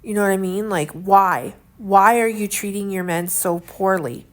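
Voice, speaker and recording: A young woman talks straight to the camera at home, her voice sitting at an ordinary middle pitch. She sounds earnest and indignant, rambling loosely and leaning on fillers as she goes. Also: moderate pace. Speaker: vlogger. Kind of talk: casual chat to camera.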